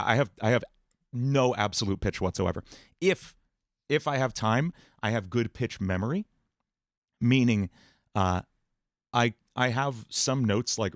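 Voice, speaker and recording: A man hosting a livestream Q&A about singing and voice, explaining in a relaxed way with many fillers. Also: fairly low pitch, no room sound, clean studio sound. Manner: relaxed explaining, many fillers, breaks into sung and put-on voice demos. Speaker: music producer and livestream host.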